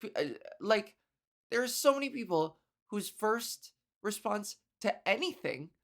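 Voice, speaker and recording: A woman comedian hosting her own podcast, ranting casually with sarcasm, profanity and quick laughs. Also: medium pitch, expressive. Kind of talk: casual solo podcast rant.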